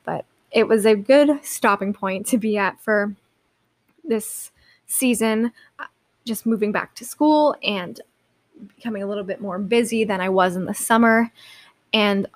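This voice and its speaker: A woman's voice: mid-range voice, a little slow, pauses often. A young woman hosting her own podcast, talking casually and rambling, with many likes and restarts. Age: young adult. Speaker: podcast host. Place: seated in a chair.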